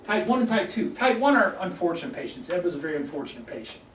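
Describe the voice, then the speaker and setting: A high-voiced chiropractor lectures a live audience at a health workshop, his delivery sing-song, quick, and fairly bright. He's folksy and keeps saying "okay?" to check in. He sounds far off in an echoey room with faint background noise.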